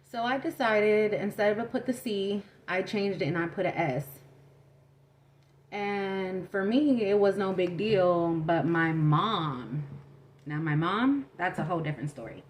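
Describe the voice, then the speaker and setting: A young adult woman vlogger telling a story in casual chat, animated, acting out quotes and saying "like" a lot. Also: mid-range voice, measured pace, a little hiss or hum. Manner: animated, acts out quotes, says "like" often.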